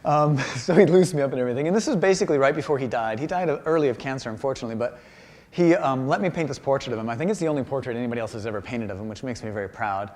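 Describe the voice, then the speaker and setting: Man, artist lecture, university auditorium, self-deprecating humor, very lively pitch, animated delivery. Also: very fast, long reverb tail. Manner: animated and self-deprecating, acts out quoted voices. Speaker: visiting artist giving a lecture. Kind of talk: humorous public talk with slides.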